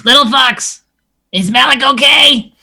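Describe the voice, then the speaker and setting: A man voicing a small, nervous kobold with a high, bright, yelping voice. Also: measured pace, creaky, heavily acted. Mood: worried.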